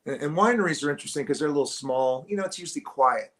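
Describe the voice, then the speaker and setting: A man's voice: on the high side, animated, very fast, a bit bright. A male musician talking casually in an interview, hesitant, with many restarts and fillers, close to the camera at home. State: morning voice. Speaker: musician guest. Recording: clear guitar music behind.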